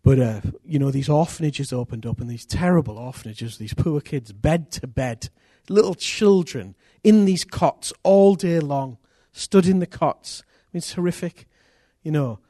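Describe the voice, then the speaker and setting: A man preaching a sermon as pastor, earnest and intimate, with sudden loud rises. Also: a little high, animated, a little slow, few pauses, no echo, clean studio sound.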